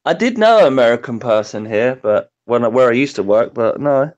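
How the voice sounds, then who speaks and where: A man from Britain with a light British accent jokes around with his friends on a call. He has a mid-pitched voice and a playful manner. The sound is muffled and lo-fi. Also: expressive, a little fast, darkish tone. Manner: playful, joking, laughing. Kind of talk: casual joking chat.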